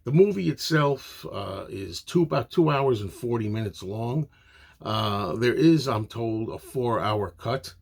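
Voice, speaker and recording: A man's voice: medium pitch, lively intonation, unhurried, creaky, husky. A man giving a casual, opinionated spoken movie review, rambling with frequent fillers.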